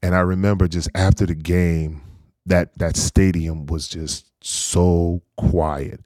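A man in his forties from North Carolina, a former pro football player, telling stories in an easygoing, animated way in an interview. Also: sits low, takes it slowly, dry recording, studio quality. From North Carolina, USA. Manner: easygoing, animated anecdotes with frequent laughs. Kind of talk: casual storytelling interview.

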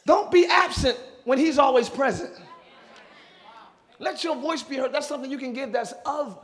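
Man, pastor preaching in church, high voice, bright forceful tone, whoops, banter, shouts at the peaks. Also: normal speed. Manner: builds from calm teaching to shouted preaching; interjects "woo" and jokes with the congregation. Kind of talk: sermon.

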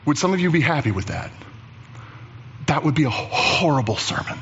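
A man preaching a sermon as pastor, animated and chatty, acting out the voices of Bible figures. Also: on the high side, moderate pace, lo-fi sound, slight background noise.

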